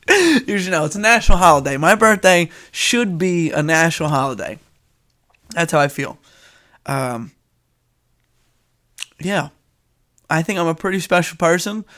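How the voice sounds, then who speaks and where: A man's voice: a little high, a bit bright. A young man with a nasal voice hosting a casual solo podcast, rambling and joking with frequent laughs. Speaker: podcast host.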